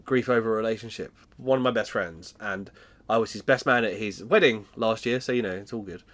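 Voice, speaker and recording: A man's voice: fairly low pitch, a little fast, fairly bright tone. A British man in his twenties, co-hosting a podcast and chattily recapping a TV episode, laughing often as he tells stories. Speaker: podcast co-host. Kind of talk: casual chat recapping a TV episode.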